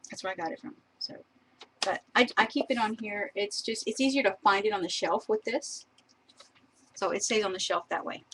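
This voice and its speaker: A chatty woman talks her viewers through her craft papers in a loose, rambling way and laughs often. Her voice sits at an ordinary pitch. Faint hiss runs under the recording. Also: normal speed, fairly bright tone, low-quality recording. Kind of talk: casual live-stream craft demo.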